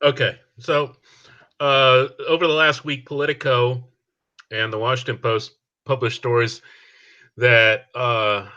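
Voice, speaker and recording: A man's voice: mid-range voice, a little slow, highs cut off. A man guesting on a livestream, casually summing up news articles. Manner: relaxed, summarizing news. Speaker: guest co-host.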